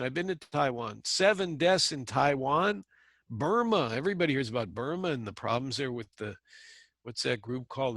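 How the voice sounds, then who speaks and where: Middle-aged man, casual rambling commentary, sarcastic asides, mid pitch, dry close sound. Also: a bit bright, dry recording. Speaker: channel host.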